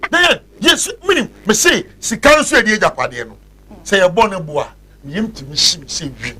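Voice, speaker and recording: A Ghanaian man on a talk show, ranting and agitated, switching between Twi and English. His voice sits very high and leaps up and down in pitch. The tone is bright and forceful. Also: very animated, fairly quick, breathy edge. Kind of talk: heated studio talk show rant.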